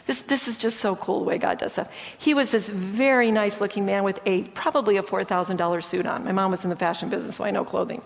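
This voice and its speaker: A woman's voice: medium pitch, quick pace, creaky. Woman preaching in a reverberant hall. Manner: lively storytelling, acting out quoted speech. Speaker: speaker sharing testimony. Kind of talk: sermon-style testimony.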